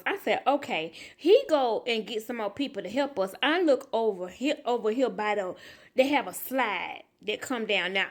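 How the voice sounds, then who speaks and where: A woman telling a casual, emotional story about losing her son at a waterpark, acting out the dialogue as she goes. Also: fairly high pitch. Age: adult. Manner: animated, emotional retelling with quoted dialogue. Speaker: vlogger, mother.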